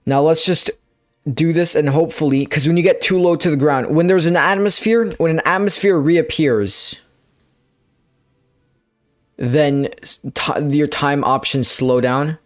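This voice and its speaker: A young man giving rambling, playful gameplay commentary, with bursts of excitement when things go his way. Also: fairly high pitch, a little slow. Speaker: gamer.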